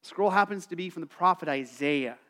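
A middle-aged male pastor preaching a sermon in a conversational, animated way, acting out quotes and calling on the congregation to answer. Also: high voice, fairly quick. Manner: calls for congregation responses.

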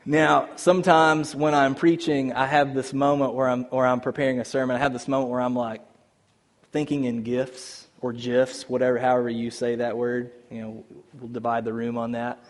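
A male pastor preaching a sermon in a conversational, animated way, with many casual fillers. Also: mid-range voice, brisk.

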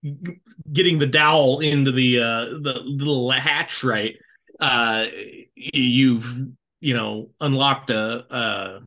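A man's voice: medium pitch, steady tone, slow pace, sharp tone. A man co-hosting a casual podcast chat, talking in jokey, rambling asides. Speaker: podcast co-host.

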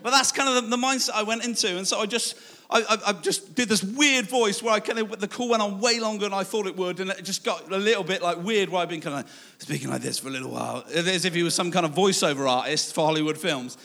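Male preacher, self-mocking storyteller with a bright, ringing tone. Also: high voice, quick pace. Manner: self-deprecating storytelling, animated, laughing at himself. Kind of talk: sermon with personal story. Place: church.

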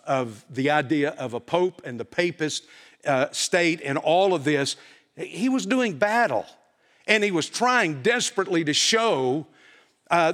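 A high-voiced male pastor delivers a sermon from the pulpit. He preaches emphatically, firing rhetorical questions at his congregation and answering them himself. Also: sharp tone. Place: church.

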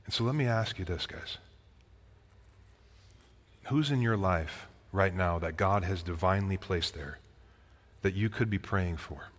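A man preaching a sermon in a conversational way, asking his listeners direct questions and sometimes dropping to a quiet voice for a personal story. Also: measured pace, pauses often. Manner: drops into a quiet, low voice when telling a personal story. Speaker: pastor. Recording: long reverb of a large hall.

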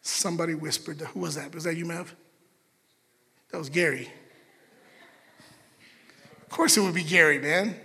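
Bright-voiced, animated male preacher. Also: on the high side, moderate pace, long pauses, in a large hall. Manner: animated, chatty asides to the congregation. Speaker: pastor. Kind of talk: sermon.

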